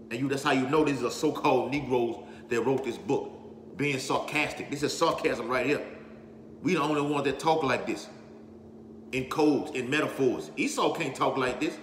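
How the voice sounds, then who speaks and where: A man's voice: on the high side, fairly quick, a bit bright. A man preaching on scripture with force, repeating himself as he builds and checking in with "all right?" and "okay?". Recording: echoey hall with faint background noise.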